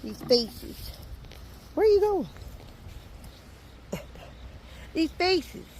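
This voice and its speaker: A woman's voice: very high voice, sing-song, very slow, darkish tone, a little hiss or hum. A woman outdoors on a farm, talking casually to her animals in cooing baby talk and laughing often, recorded on a handheld phone. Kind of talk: casual chat.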